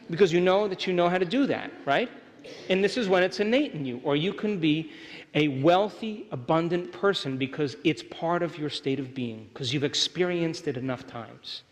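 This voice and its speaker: A middle-aged man lecturing a live audience, emphatic and often asking them to agree. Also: a little high. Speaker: workshop speaker. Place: large hall with audience. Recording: hall reverb, live venue.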